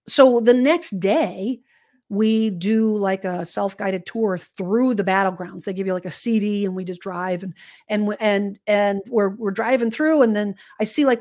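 A woman co-hosting a casual podcast, winding through a story with plenty of restarts and asides. Her voice sits at a middling pitch, and her conversational manner drifts loosely from one detail to the next. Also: a little slow, a little mellow. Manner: rambling, meandering storytelling with many restarts. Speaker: podcast co-host.

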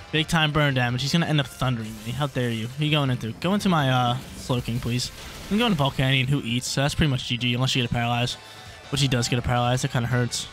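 A young gaming YouTuber gives live commentary on his online battle, thinking out loud and repeating himself when it gets tense. His voice is of ordinary male pitch and a bit bright, with faint music playing underneath.

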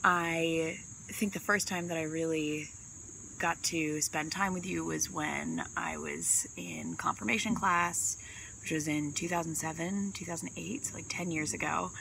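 Young woman, slow and soft, low, gravelly, bright. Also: slight background noise, poor audio. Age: young adult. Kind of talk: spoken video greeting.

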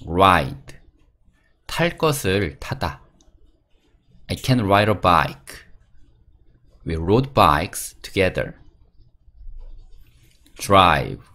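A man teaching English vocabulary, reading each word, its meaning and example sentences in a steady drill. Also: deep voice.

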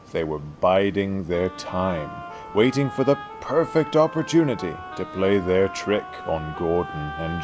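A man narrating a storybook tale with expressive delivery, slowing for suspense. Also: low-pitched. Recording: music playing underneath.

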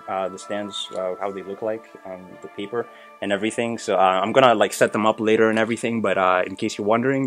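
A man hosting an unboxing video, talking viewers through each piece with fillers and sudden shouts of excitement. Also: on the high side. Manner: many fillers, addresses viewers.

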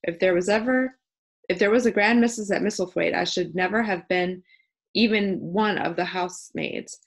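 A woman puts on a sturdy young housemaid with a thick Yorkshire accent, frank and unruffled. She talks plainly and at length, in a low voice with a gravelly edge. This is a storybook reading. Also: normal speed. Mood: chatty. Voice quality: homely dialect, stout and plain-spoken. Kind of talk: audiobook character voice.

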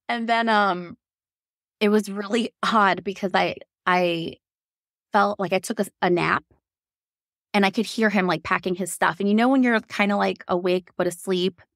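A woman in her thirties telling a personal story on a podcast, laughing often and acting out quotes in a higher voice. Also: no room sound, studio quality. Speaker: podcast guest. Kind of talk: casual storytelling.

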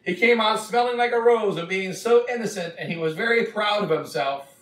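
A man preaching a sermon as a bishop, retelling scripture in a slow, emphatic storytelling way. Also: high voice, fairly bright tone. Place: church. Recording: echoey church from a distant mic.

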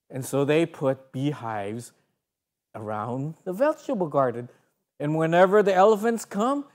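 Animated woman telling a children's story. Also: deep voice, moderate pace. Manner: animated, sound effects. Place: broadcast studio.

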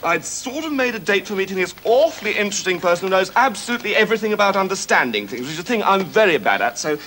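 A man's voice: high voice, very animated, quick pace, sharp tone, full character voice. An actor playing an upper-class warlord fussing over his diary, dithering and self-absorbed, in a 1970s TV sketch. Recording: noisy old off-air TV recording.

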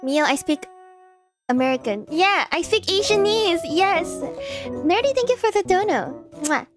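A woman's voice: very high voice, animated, a little slow, soft background music. A woman streamer in casual live-stream chat, giggly, playful and sarcastic.

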